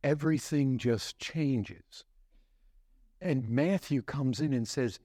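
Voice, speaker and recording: A man preaching a sermon as pastor, telling a story vividly, dropping low and quiet, then rising in intensity, and putting rhetorical questions to the congregation. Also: slow.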